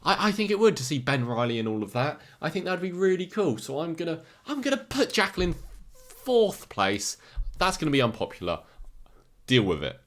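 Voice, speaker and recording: A man with an English accent giving casual, jokey commentary as a video host, swinging between excitement and deadpan remarks. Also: a little high, a little fast. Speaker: YouTuber ranking comic villains.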